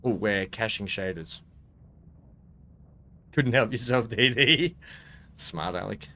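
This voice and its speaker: A man streaming a game live, chatting in an excitable, rambling way and laughing often. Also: fairly low pitch, slow pace. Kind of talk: live gameplay commentary.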